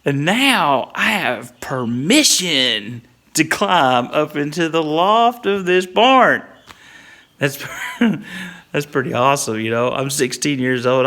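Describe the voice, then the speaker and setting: A man's voice: mid-range voice, fairly bright tone. A middle-aged man, telling a funny story from his youth in a casual, chatty way and chuckling often as he goes. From Whitley County, Kentucky.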